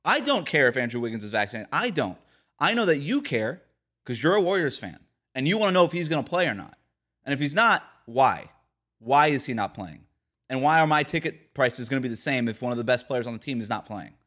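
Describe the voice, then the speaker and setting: A man's voice: mid-range voice, big pitch swings, brisk, fairly bright tone. A man hosting a sports podcast, delivering an emphatic, ranting opinion monologue. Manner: emphatic, ranting, mocks quotes with put-on voices. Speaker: podcast host.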